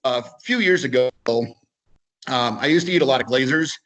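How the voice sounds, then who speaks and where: A man speaks at a moderate pace in a medium-pitched, slightly bright voice, muffled by the recording. Giving a webinar talk over video, he has an Upper Midwest American accent and tells a casual story, repeating words and voicing both people in a conversation.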